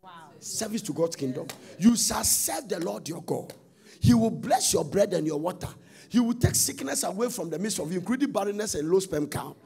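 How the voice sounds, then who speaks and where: A man preaching a sermon, telling stories and rising into sudden loud sung-out phrases. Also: sits high, expressive, a little fast, vocal fry, slightly rough, soft background music.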